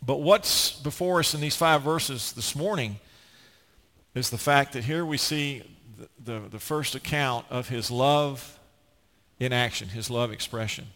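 A man's voice: mid-range voice, unhurried, a bit bright, big-room sound. A man preaching a sermon as pastor, earnest and emphatic, often restarting his phrases.

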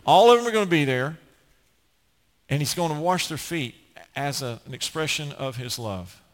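A man's voice: a little high, lively intonation, moderate pace. Earnest preacher man, echoing church hall. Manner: earnest, emphatic preaching with repeated restarts. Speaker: pastor. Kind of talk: sermon.

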